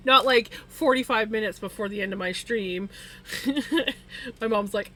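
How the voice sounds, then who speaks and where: A woman chats casually from home during a stream, breaking into laughs between remarks. Her voice sits fairly high, and a faint background noise runs under it. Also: normal speed, fairly bright tone. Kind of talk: casual chat while streaming.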